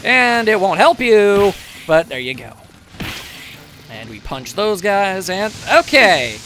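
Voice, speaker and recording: Lively high-voiced man narrating gameplay. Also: takes it slowly. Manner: chatty, wry, self-mocking asides. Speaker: gameplay commentator. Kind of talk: casual let's play commentary.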